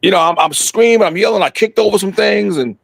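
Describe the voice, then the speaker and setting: A middle-aged man telling a story in casual podcast chat, animated and profane, acting out what people said. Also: sits high, fast talker, vocal fry, crowd noise. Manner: animated, profane, acts out quotes.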